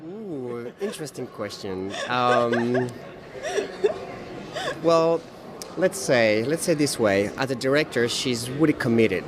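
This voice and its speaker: A man's voice: mid-range voice, sing-song, slow. A man actor giving a thoughtful, hesitant interview answer outdoors on a city street. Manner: thoughtful and hesitant, laughing lightly. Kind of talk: red-carpet interview answer. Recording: outdoor traffic noise behind.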